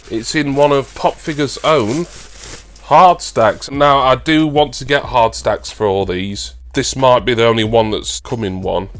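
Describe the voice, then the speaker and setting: A chatty British toy collector vlogger with a low voice runs through warm unboxing patter that tips over into excited gushing. Faint music plays underneath.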